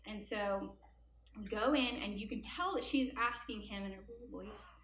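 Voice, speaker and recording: A woman's voice: medium pitch, normal speed, a little hiss or hum. A woman speaking at a Christian event, giving an earnest devotional talk and telling personal stories with casual asides. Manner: earnest, animated storytelling with asides. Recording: echoey room with faint ambience.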